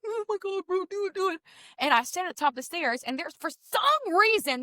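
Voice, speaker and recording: A woman from the American South co-hosting a casual podcast, telling stories in an animated way and swearing freely. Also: high voice, dry recording, studio quality. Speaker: podcast co-host.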